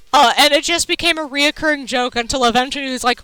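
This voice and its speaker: A woman streamer rambling through a long funny story, laughing and cursing as she goes. Her voice is high and bright. The sound is dry and close to the mic. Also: steady tone, brisk, few pauses, no room sound, poor audio. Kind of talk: casual chat while gaming.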